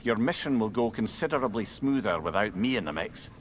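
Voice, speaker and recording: A man plays a witty severed-head advisor with a dry, courteous wit. His voice moves lively up and down over faint noise in the game audio. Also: on the low side, a little fast, lightly acted. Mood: wry.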